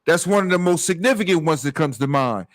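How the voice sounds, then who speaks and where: High, lively man reasoning things through. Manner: measured, reasoning, repeats words as he thinks. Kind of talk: casual debate among friends.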